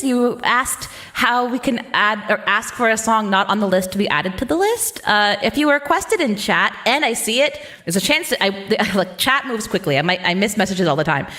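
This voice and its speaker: A woman's voice: medium pitch, fairly bright tone. A young woman streaming live, chatting casually and giggling with her chat between songs. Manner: bubbly, giggly, talks to chat. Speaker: VTuber streamer.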